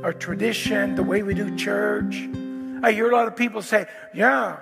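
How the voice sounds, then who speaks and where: A man preaching a sermon as pastor, animated and prone to restarts, acting out quotes from the story. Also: high voice, moderate pace, vocal fry. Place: church hall. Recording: long hall reverb, faint guitar.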